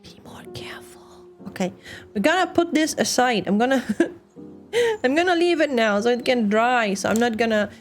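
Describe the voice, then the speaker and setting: A young woman with a non-native English accent chats to her stream as she works on a model kit, rambling and laughing easily. Her voice sits a little high, and soft music plays faintly behind her. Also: lively intonation, normal speed. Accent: non-native English speaker. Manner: chatty, rambling, laughs often. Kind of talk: casual chat while model building.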